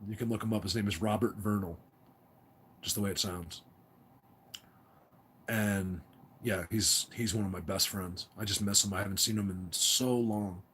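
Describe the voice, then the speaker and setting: A man's voice: fairly low pitch, fairly even intonation, moderate pace, long pauses, a bit bright, a little hiss or hum. A middle-aged man hosting a casual livestream chat, rambling and laughing often as he reads viewer comments. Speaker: livestream host.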